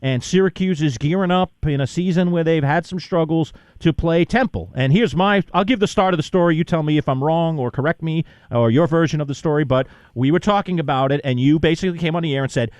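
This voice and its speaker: A man's voice: fairly high pitch, fast, hardly any pauses, clean tone, no echo, clean studio sound. A male radio host telling stories in casual chat, acting out both sides of old on-air exchanges. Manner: animated, acts out both sides of past exchanges in voices.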